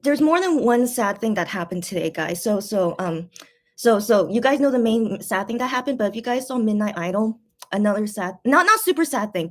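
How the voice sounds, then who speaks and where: A woman's voice: mid-range voice, darkish tone. A woman hosting a late-night livestream chat, emotional and close to tears, rambling with many fillers and repeated words. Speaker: fan channel host.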